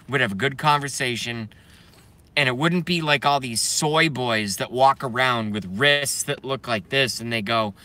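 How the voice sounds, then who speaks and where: A man's voice: medium pitch, normal speed, pushed and bright. A young man ranting brashly and profanely on a live stream while reading viewer comments.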